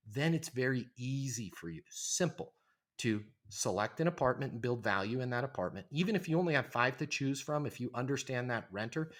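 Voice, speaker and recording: A middle-aged man talks with a forceful, emphatic drive on a podcast interview. He coaches like a trainer, slipping into quick quoted voices to act out phone calls. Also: medium pitch. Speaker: leasing trainer, podcast guest. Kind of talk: energetic podcast interview talk.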